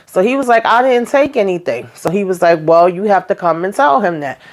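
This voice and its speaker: A woman's voice: mid-range voice, lively intonation. Playful woman recapping a TV show. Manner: folksy and playful, calls listeners "child" and "honey"; acts out the characters' lines in quick voices. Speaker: host of a TV recap channel. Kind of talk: casual recap chat.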